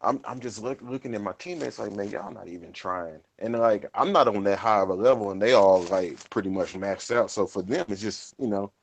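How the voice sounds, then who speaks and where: A man's voice: on the low side, a little fast, few pauses. A man co-hosting a gaming podcast, talking in a laid-back, conversational way. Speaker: podcast co-host. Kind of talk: casual gaming podcast chat.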